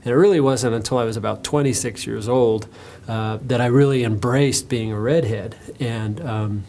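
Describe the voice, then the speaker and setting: An American man, an author, talking about himself in an interview, telling stories in a relaxed, self-mocking way with fillers. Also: medium pitch, moderate pace, slight background noise. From United States. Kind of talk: interview monologue, telling anecdotes.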